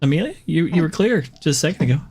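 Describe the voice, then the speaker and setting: A man's voice: on the high side, animated, fast talker, darkish tone, slight background noise. A man streaming and chatting casually, joking and laughing often. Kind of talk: casual chat.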